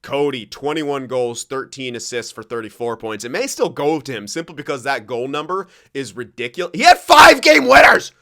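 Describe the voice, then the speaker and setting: A young man commenting on his own hockey video game play, excitable and foul-mouthed, swinging from loud cheering to low grumbling. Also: normal speed, hardly any pauses. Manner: excitable, swears often, swings between shouting and grumbling. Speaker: gaming commentator.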